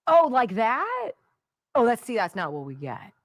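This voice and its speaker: A woman talk radio host tearing into her targets with mocking sarcasm. Her fairly high voice swings widely in pitch. The sound is close and dry. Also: wildly swooping pitch, unhurried, no room sound. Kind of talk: opinionated talk radio monologue.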